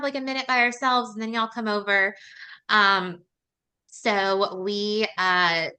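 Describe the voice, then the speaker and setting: Bright, chatty woman. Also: a little high, moderate pace. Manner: chatty, animated, many "like" fillers and laughs. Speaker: podcast host. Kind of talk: casual storytelling chat.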